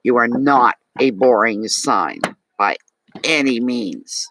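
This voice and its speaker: A man's voice: mid-range voice, expressive, slow pace, bright, forceful tone, slight background noise, rough recording. A man with a Maritime Canadian accent giving a live tarot reading, talking chattily and animatedly to his viewers and answering chat comments. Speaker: tarot reader.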